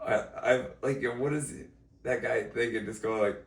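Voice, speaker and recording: A man co-hosting a casual chat who laughs often, swears and reacts loudly to his friend's story. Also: medium pitch, fairly even intonation, moderate pace, far from the mic. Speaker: podcast co-host. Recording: roomy, off-mic sound.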